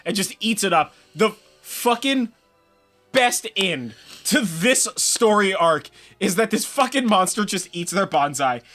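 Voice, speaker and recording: A young man with a high, bright voice co-hosts a casual review chat. He talks fast and loosely, laughing often and acting out lines. His tone is light and upbeat. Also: lively intonation, soft background music. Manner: quick, laughing, acts out quotes. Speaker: podcast co-host.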